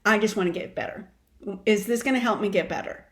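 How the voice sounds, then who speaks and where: A woman in her fifties, a wellness coach, telling her story in an animated, expressive way during a casual interview. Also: medium pitch, fast.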